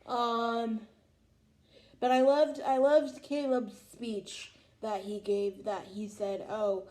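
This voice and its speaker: Gushing young woman with a mellow voice. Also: on the high side, level tone, slow pace. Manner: gushing, emotional, lots of "oh my God". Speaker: vlog host. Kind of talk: casual fan reaction chat.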